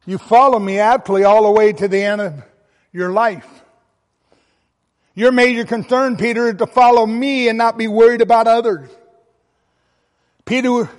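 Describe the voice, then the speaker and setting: A man's voice: high voice, long reverb tail. A man preaching a sermon, reading scripture aloud and stressing key words with emphasis. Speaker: pastor.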